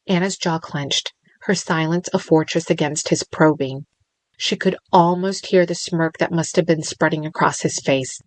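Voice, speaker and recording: A woman reading a thriller audiobook in a measured, steady narration. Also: sits low, no room sound, poor audio.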